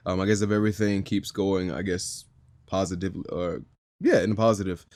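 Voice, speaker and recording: Low-voiced man in casual chat. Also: brisk, no room sound. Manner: animated, laughs often, many fillers. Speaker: guest actor.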